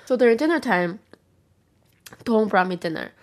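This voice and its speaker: A young woman chats casually to her viewers while eating on camera. She rambles through a story with plenty of filler words and acts out other people's lines. Her voice sits at a middle pitch. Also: expressive, normal speed. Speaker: vlogger.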